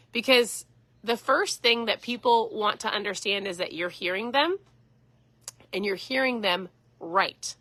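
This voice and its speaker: Woman, middle-aged, host, chatty, enthusiastic, bright voice, dry close mic. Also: mid-range voice, no echo. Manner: chatty, enthusiastic, acts out dialogue. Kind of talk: casual livestream talk.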